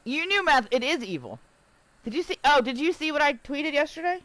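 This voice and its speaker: Lively, animated woman streamer chatting. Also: high-pitched, fairly quick, no room sound, poor audio. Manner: chatty, reads aloud and riffs with jokes. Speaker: live streamer. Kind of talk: casual livestream chat while gaming.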